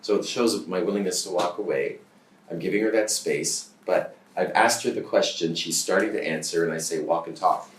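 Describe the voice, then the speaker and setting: A man's voice: sits low, moderate pace. A man coaching a bootcamp group in a loose, chatty way, often checking in with the group. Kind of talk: teaching a bootcamp session. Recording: distant mic in an echoey room.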